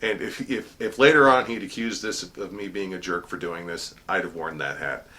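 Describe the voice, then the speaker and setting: A man's voice: moderate pace, bright, forceful tone. A middle-aged man, a court herald, chatting casually about an event, with fillers and restarts. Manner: booming formal proclamation when quoting court cries. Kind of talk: casual storytelling monologue.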